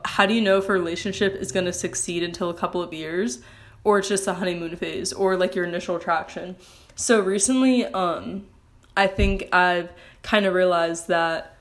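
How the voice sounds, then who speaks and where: Young woman with a slight lisp. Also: fairly low pitch. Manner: rambling, self-correcting, sarcastic asides. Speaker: podcast host. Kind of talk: casual solo podcast monologue.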